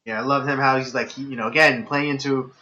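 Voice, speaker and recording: A man co-hosting a podcast, chatting casually about a film, halting with many fillers and slipping into sarcastic jokes. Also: mid-range voice, fairly even intonation, bright, forceful tone. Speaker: podcast co-host. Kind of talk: casual film review chat. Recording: muffled lo-fi live stream audio.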